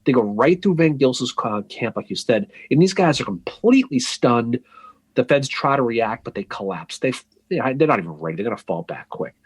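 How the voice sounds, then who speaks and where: A man's voice: medium pitch, animated, a little fast, breathy edge, no echo. A man co-hosting a casual history podcast, telling the story with jokes, asides and restarts. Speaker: podcast co-host.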